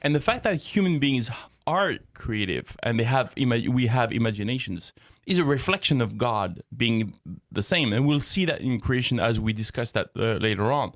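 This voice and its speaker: A man's voice: mid-range voice, lively intonation, normal speed, few pauses, a bit bright, no echo. Chatty man with a dry close sound. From France. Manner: laughs often, loses his thread, chatty. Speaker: co-host. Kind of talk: casual faith talk show chat.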